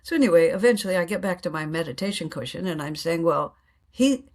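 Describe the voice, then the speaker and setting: A woman's voice: lowish voice, expressive, fast. A woman guest telling reflective spiritual stories in an earnest way, laughing often and acting out her inner dialogue.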